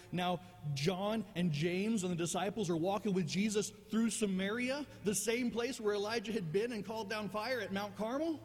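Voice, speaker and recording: A man's voice: on the high side, a little mellow, husky, long reverb tail. A male pastor preaching a sermon in a conversational, self-deprecating way, often repeating words as he goes.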